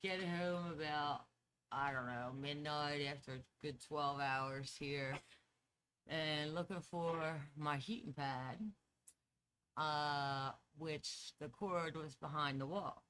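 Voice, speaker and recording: A woman chatting as a podcast guest, telling lively personal stories and laughing easily. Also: sits low, takes it slowly, a little hiss or hum. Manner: animated storyteller, laughs easily. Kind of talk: casual storytelling chat.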